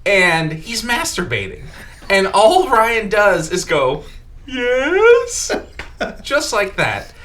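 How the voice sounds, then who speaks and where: Animated young man telling a crude story. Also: sits high, slow. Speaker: podcast host. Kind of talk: casual storytelling chat.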